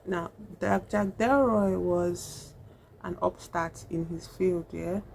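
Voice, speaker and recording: A woman's voice: fairly low pitch, fairly even intonation, slow pace, gravelly, a little mellow, slight background noise. A woman vlogger chatting casually in a rambling way, full of fillers, while she does her makeup. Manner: chatty, rambling, heavy use of "like" and "you know". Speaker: vlogger reviewing a horror film. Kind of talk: casual chat.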